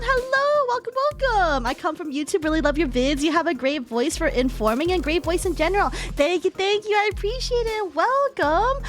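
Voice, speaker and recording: A young woman streamer chatting casually over a game, giggling often and swearing freely. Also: sits high. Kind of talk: casual gaming commentary.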